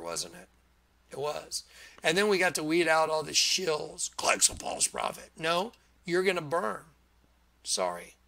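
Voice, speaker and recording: Guy ranting excitedly over his screen, high bright voice. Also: creaky. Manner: animated and preachy, often laughing. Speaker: online video host.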